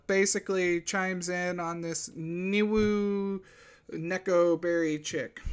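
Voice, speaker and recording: A man's voice: on the high side, a bit bright, clean tone. A man, out of breath, giving a casual commentary rant from a room at home into a desk microphone, with sarcastic outbursts and offhand swearing. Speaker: VTuber commentator.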